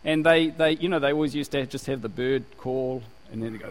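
A man's voice: medium pitch, brisk, few pauses, rough recording. A man from New Zealand preaching a sermon with energy, laughing and slipping into put-on voices to make his points. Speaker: pastor.

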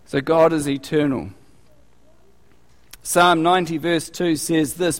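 A male preacher giving a conversational, animated sermon with acted asides. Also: on the high side, unhurried, long pauses, long reverb tail.

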